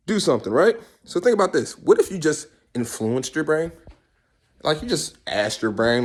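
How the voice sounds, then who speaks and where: A man rambling in a casual comic monologue, swearing and arguing with himself in quick back-and-forth. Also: fairly high pitch, big pitch swings, fairly bright tone. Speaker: vlogger.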